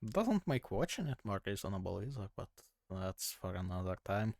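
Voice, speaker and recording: A man's voice: lowish voice, big pitch swings, normal speed, a little mellow, dry recording, clean studio sound. A man streaming live, reacting to a video with casual, laid-back asides and the odd swear word.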